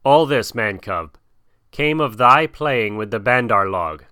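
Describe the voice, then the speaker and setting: A man's voice: medium pitch, lively intonation, slow pace, sharp tone, clean tone, dry recording, studio quality. A man voicing a proud black panther who scolds in a stern manner.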